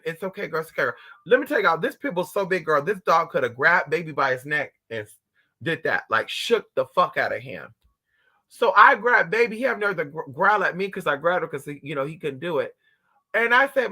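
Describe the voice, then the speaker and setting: Male vlogger, bright, edgy tone, loud and profane storyteller. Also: on the high side, gravelly. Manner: animated, profane, calls viewers honey and girl. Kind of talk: casual storytelling to viewers.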